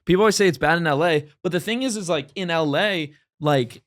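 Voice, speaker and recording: A comedian guest from Los Angeles, USA, tells stories in casual chat, his voice on the high side and a little fast. He rambles loosely and slangily, packing in lots of "like" and "dude." The recording is dry and studio quality.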